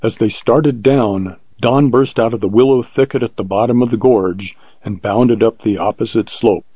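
Husky low-voiced man narrating. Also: warm tone, no room sound. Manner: measured, vivid storytelling. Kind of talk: scripted narration of an adventure story. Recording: dull lo-fi recording.

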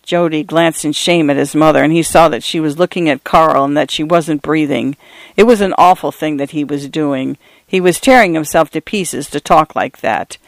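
Male audiobook narrator, measured and steady, slightly higher voice, very dry close recording. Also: gravelly, no echo. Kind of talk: scripted narration.

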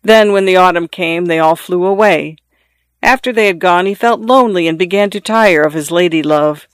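High-voiced man reading a storybook aloud. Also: steady tone, normal speed, fairly bright tone, clean tone, no room sound. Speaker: narrator.

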